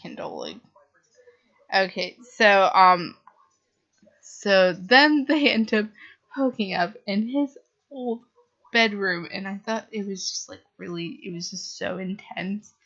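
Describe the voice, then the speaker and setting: Woman book reviewer, unhurried, heavy on fillers, slightly dull lo-fi sound. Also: mid-range voice, a bit bright. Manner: gushing, full of "like" and "um" fillers.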